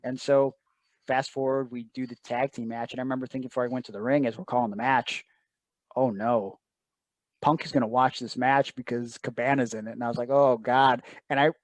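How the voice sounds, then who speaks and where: A man's voice: medium pitch, quick pace, no room sound. A man telling a personal story as an interview guest, earnest and emotional, often quoting others in asides.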